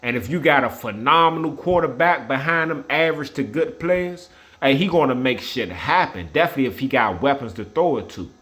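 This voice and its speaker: Blunt, swearing football fan ranting. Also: male voice, mid-range voice, lively intonation, fairly quick, a bit bright. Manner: blunt, repetitive, trash-talking, swears often. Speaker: sports vlogger. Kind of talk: casual opinionated rant.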